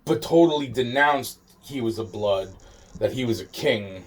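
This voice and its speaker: A man's voice: medium pitch, lively intonation, measured pace, noisy background. A man delivering a rambling, agitated monologue, swearing constantly and repeating himself. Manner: profane, agitated, repetitive ranting.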